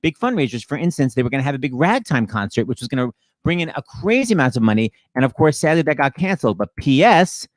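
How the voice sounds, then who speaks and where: A man co-hosting a casual livestream chat, joking and making quick fundraising appeals. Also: mid-range voice, dry recording. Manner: rapid, jokey, animated talker. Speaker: co-host of a livestreamed talk show.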